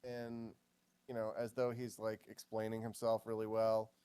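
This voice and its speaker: A man playing a tabletop role-playing game, talking casually about his character and often pausing with ums and uhs. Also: fairly low pitch, completely flat delivery, dark tone, smooth, no echo. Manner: hesitant, heavy with ums and uhs.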